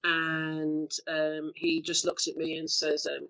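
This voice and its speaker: A middle-aged woman telling stories as an interview guest, acting out the quotes with lively shifts of voice and frequent laughs. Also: low voice, measured pace, few pauses, low-quality recording. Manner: lively storyteller, acts out quotes, laughs often. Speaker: actor being interviewed. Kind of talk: anecdotal interview chat.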